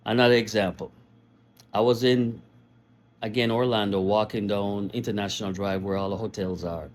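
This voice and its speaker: A man from Jamaica with a Jamaican accent, telling his immigration story in a casual, animated way and laughing often. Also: lowish voice, normal speed, a little hiss or hum. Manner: animated, laughs often, mimics other people's questions.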